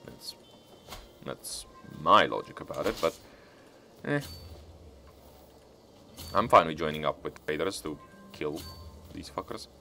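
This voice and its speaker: A man's voice: deep voice, bright, forceful tone. A man giving casual, profane gameplay commentary as a let's-player, talking back at the game as he plays.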